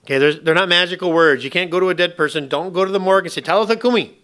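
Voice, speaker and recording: A man preaching a sermon in an animated, conversational way, full of rhetorical questions and humor. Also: high voice, rapid-fire, clear, resonant tone. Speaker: pastor.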